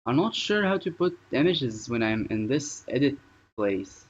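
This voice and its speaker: A man's voice: mid-range voice, sing-song, measured pace. A man live-streaming at home in casual chatter, rambling and thinking aloud as he works. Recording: dull lo-fi stream audio.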